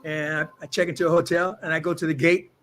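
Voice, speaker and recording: A man's voice: on the high side, level tone, quick pace, fairly bright tone. An older man, a former football player and actor, telling boastful stories in an interview and acting out what others said. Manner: boastful, acts out quotes of others. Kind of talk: animated storytelling interview.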